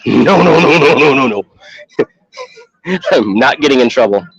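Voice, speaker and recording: A man's voice: medium pitch, animated, unhurried, gravelly, husky, no room sound, soft background music. A man from Chicago streaming from an outdoor festival on his phone, rambling in casual, profane chat and laughing often. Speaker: live streamer. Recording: dull lo-fi phone audio.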